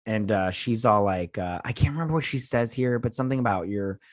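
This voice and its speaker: A man hosting a casual recap and review of a show's finale, rambling and excitable, often acting out what the characters say. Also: fairly low pitch, fairly quick, no echo, clean studio sound. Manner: rambling, excitable, with frequent restarts and acted-out quotes. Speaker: host.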